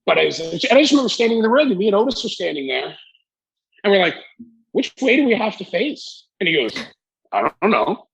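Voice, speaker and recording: A man's voice: high voice, very animated, a little fast, vocal fry, breathy edge, low-quality recording. A man in his forties, a guest telling stories in an interview and acting out the people in them with casual swearing. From Canada. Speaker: wrestling executive and guest. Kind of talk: animated storytelling in an interview.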